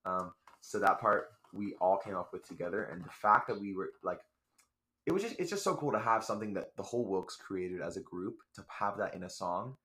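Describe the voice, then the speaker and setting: Young musician guest on a podcast, talks quickly with lots of fillers, lower-pitched voice. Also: male voice, animated, bright, forceful tone. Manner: rapid, chatty storytelling with many fillers. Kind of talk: casual chat.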